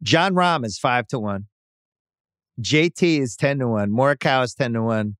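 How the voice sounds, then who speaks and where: A man's voice: medium pitch, clear, resonant tone, no room sound. Male sports podcast host, wry banter, resonant voice recorded dry. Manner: wry, reels off betting odds quickly. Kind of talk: casual sports chat.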